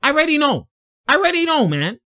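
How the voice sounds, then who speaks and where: A man with a high, very lively voice breaks down game film as host of his own show. His tone is bright and sharp. He talks in slangy, exasperated bursts full of exclamations. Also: fast. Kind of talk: sports film breakdown commentary.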